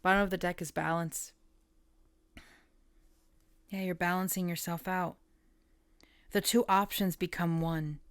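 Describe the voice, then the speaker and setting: A woman giving a casual tarot reading, soft-spoken and musing, often trailing off and starting her thoughts over. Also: on the low side, fairly even intonation, measured pace, pauses often, smooth, no room sound. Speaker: tarot reader.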